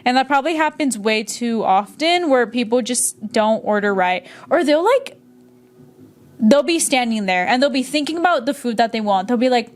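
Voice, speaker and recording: A young woman co-hosting a podcast in casual chat, telling lively stories and acting out customers. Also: fairly high pitch, a little fast. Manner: animated storytelling, acts out customers, frequent laughs. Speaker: podcast co-host. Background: restaurant cashier.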